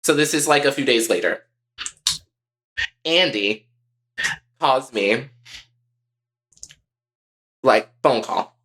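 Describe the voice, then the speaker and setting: A young man tells a personal story on a podcast, cursing freely and keeping it animated. His voice is bright and swings widely in pitch. He takes his time and speaks slowly. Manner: profane, animated retelling. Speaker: podcast co-host. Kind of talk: candid storytelling.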